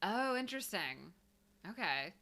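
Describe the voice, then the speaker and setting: A young woman co-hosting a casual podcast chat, playful and giggly, quick to agree. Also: medium pitch, sing-song, bright, forceful tone. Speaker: podcast co-host.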